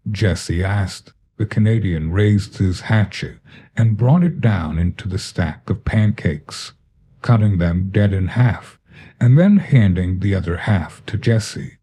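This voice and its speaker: A man narrating a first-person horror story in a deadpan, measured way. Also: sits low, husky.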